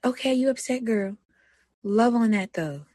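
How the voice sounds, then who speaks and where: Candid husky young woman. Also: on the high side, unhurried, dry recording. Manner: candid, conversational, swings between soft and animated. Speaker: podcast host. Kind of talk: personal reflective monologue.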